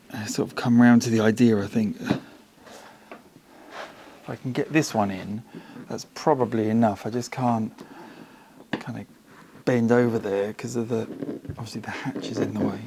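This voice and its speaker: A man's voice: on the low side, fairly even intonation, normal speed, long pauses, a little mellow, a little hiss or hum. A man in his home garage, talking to himself and the camera in a casual, self-mocking way while he works. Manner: muttering to himself, wry and self-mocking, straining. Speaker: car restoration vlogger.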